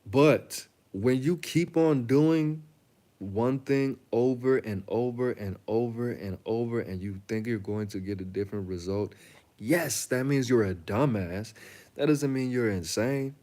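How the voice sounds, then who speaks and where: A young man holds forth in a loose, casual monologue, blunt and full of jokes and slang. His voice sits on the low side, and he tells his stories with a dry, teasing bite. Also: unhurried, mellow. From Chicago. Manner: blunt, joking, storytelling with slang. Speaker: reaction channel host.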